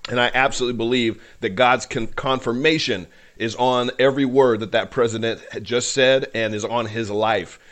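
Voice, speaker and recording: On his podcast, a man shares emotional commentary about faith with preacherly fervor, his voice lifting with passion and now and then breaking with emotion. He has a mid-range, fairly bright voice with a steady tone, moderate pace, and few pauses.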